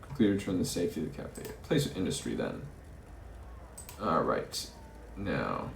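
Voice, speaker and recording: A man's voice: deep voice, sing-song, moderate pace, creaky, reverberant, a little hiss or hum. A man playing a story game, reading its text aloud and musing over his choices, often stumbling over words. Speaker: let's play host.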